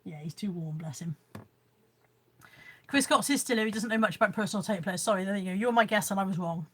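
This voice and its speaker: A woman's voice: medium pitch, fast talker, a bit bright, husky. A woman chatting casually on a live stream at home, showing her haul and reading out viewer comments. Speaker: vlogger. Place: room at home.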